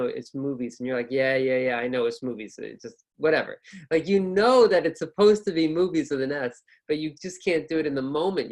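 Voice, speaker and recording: A man in his thirties teaching an online English lesson in a casual, upbeat, chatty way with plenty of fillers. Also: a little high.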